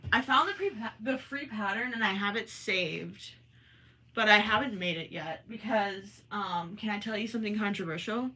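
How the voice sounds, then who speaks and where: A chatty woman with a Minnesotan accent hosts a relaxed livestream from her home. Her voice is bright and crisp, set at an ordinary middle pitch. She talks to viewers casually, reads their comments aloud and keeps apologizing with a self-deprecating air. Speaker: livestream host. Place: home, indoors.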